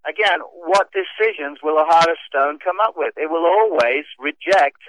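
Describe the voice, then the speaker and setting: A man's voice: a little high, moderate pace, fairly bright tone. A male guest with a mid-Atlantic accent, between British and American, talking earnestly and wryly on a radio show over the phone. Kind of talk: casual radio talk show conversation. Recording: tinny phone line.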